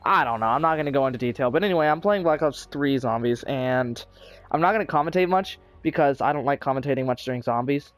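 A man's voice: mid-range voice, fast, soft background music. A young man chatting casually over his own gameplay as a gaming YouTuber, rambling with lots of fillers and restarts. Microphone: console recording software.

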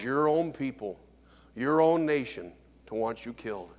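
A man preaching a sermon as pastor, swinging dramatically between shouting and hushed tones. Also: mid-range voice, lively intonation, normal speed, big-room sound. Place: church sanctuary.

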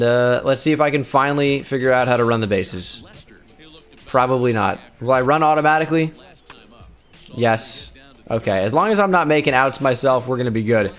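Sarcastic young man calling his own baseball game. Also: mid-range voice. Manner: sarcastic play-by-play, shouting in bursts of excitement. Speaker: gaming YouTuber. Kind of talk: gameplay commentary. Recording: game music faintly behind.

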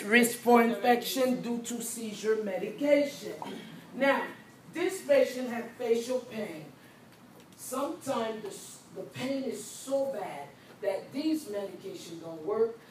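A woman's voice: a little high, slight background noise. Woman quizzing a nursing class. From Haiti. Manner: quizzes students with questions, repeats key points. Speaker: nursing exam instructor. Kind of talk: live classroom lecture. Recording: echoey classroom with faint ambience.

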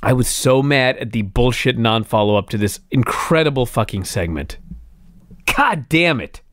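A podcast co-host recaps old wrestling with big swings in pitch, animated and salty with profanity. The voice sits at a middle pitch and is recorded dry and close with no room around it. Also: normal speed, no echo. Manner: animated storytelling, heavy swearing. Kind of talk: casual wrestling recap chat.

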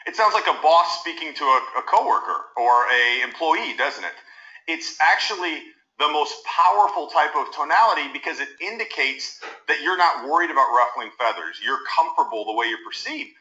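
Man coaching, bright tense voice, roomy. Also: fairly high pitch, moderate pace, muffled recording. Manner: animated, demonstrates voice tones. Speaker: communication coach. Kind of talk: instructional talk to camera.

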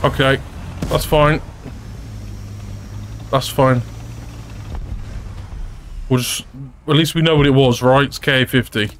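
A man's voice: medium pitch, takes it slowly, pauses often, a little hiss or hum. Chatty male gameplay commentator. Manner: chatty, excitable, laughs often. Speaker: gaming YouTuber.

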